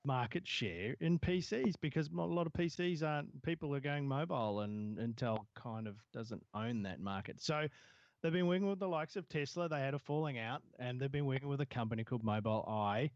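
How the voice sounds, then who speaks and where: A man's voice: mid-range voice, expressive, brisk, dry recording. Man, casual tech chat, rambling, lots of ums, dull dry audio. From Southern Hemisphere. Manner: rambling, hesitant, many fillers. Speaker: podcast co-host.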